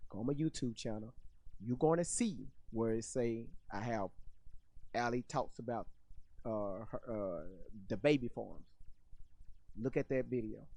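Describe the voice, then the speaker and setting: A man with a middle-pitched voice hosts his own channel and comments on a clip. He sounds incredulous, repeats himself and swears freely, and the recording is close and dry. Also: a little slow, gravelly, pauses often, darkish tone, dry recording. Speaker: channel host reacting to clips. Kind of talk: casual commentary on a video clip.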